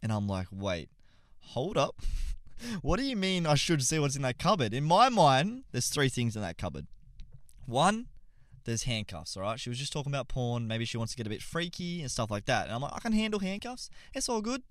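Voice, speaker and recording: Young male podcast host, crude and animated storyteller, swinging pitch, close dry sound. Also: moderate pace, dry recording. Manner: animated, swearing, laughs mid-sentence. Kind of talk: casual storytelling to gamers.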